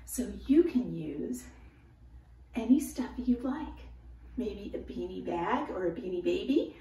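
A woman leading a children's movement and song lesson from her home, speaking in a slow, encouraging sing-song way. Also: mid-range voice, lively intonation, dark tone. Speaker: children's movement and music leader. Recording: echoey room, mic at a distance.

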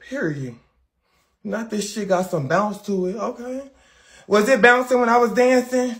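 A livestream host with a high voice chats with his viewers at normal speed, coming across as brash, profane, and very talkative.

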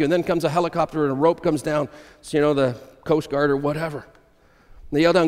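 Male pastor, higher-pitched, emphatic sermon delivery with repeated phrases, long church reverb. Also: fast talker. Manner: emphatic, repeats key phrases, tells illustrative stories. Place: church sanctuary.

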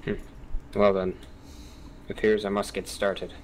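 A man playing a tabletop role-playing game, speaking in character as a priest in formal, measured speech. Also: lowish voice, completely flat delivery, darkish tone, slight background noise, rough recording. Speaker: player.

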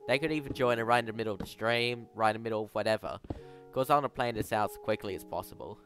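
A man's voice: on the low side, fast, fairly bright tone, faint music behind. A man streaming a game, chatting casually and rambling to his chat, calling them bro. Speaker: gaming streamer.

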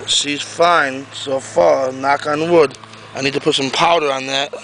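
This time the pumpkin grower's voice is mid-range, steady, and a bit bright, moving at a measured pace. He rambles casually to a handheld camera outdoors while touring his garden on foot, repeating himself, in a low-quality recording with slight hiss or hum.

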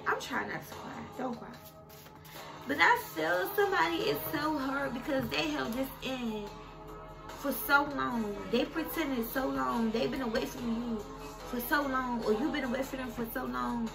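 A woman's voice: high voice, moderate pace, vocal fry. A woman doing a casual tarot reading who talks straight to her viewers and gets emotional. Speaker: tarot reader. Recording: music playing behind her.

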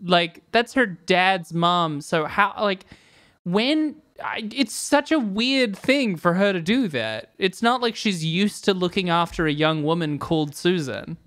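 Wry low-voiced woman podcast co-host. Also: expressive, a little slow, a bit bright. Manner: wry, sarcastic, acts out quotes. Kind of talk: casual chat.

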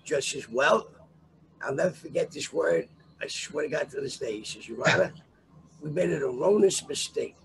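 A man's voice: a little high, normal speed, gravelly, a little hiss or hum. An older man telling a long story with swearing and lots of animation, as a guest in a casual interview.

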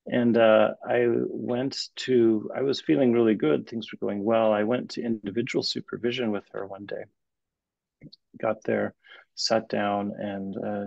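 Gravelly, husky middle-aged man storytelling. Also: on the low side, no echo, muffled recording. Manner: animated retelling with halting restarts. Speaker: guest therapist and academic. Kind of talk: storytelling in an interview.

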